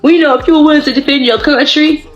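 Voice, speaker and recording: A hoarse woman giving a casual tarot reading to camera, blunt, profane and rambling as she talks. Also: sits high, steady tone, fast, highs cut off, faint music behind. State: hoarse, voice partly gone. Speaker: tarot card reader. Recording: roomy echo.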